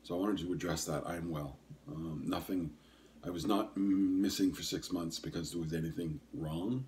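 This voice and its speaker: A deep-voiced man in his sixties talks alone as a podcast host in a loose, easygoing ramble. He stops often with ums and corrects himself mid-sentence, with a faint hiss of noise behind him. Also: steady tone, normal speed, darkish tone. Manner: rambling and hesitant, full of ums and self-corrections. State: coughing and sniffling. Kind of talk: casual solo podcast chat.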